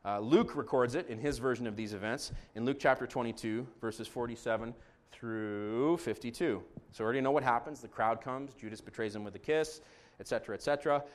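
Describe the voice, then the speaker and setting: A male pastor preaching a sermon to his congregation, dramatic and shifting between hushed, quiet stretches and loud, shouted passages. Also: mid-range voice, brisk.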